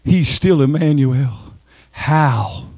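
High-pitched emphatic male preacher. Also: expressive, vocal fry, darkish tone, no room sound, dull audio. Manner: emphatic preaching with dramatic pauses and rising pitch. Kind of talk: sermon.

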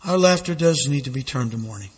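A man's voice: medium pitch, expressive, fast, slightly rough, long reverb tail. A man preaching a fiery sermon, dramatic and intense, reading quotations aloud with mounting feeling. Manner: dramatic, reads quotes aloud with rising intensity. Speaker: street preacher.

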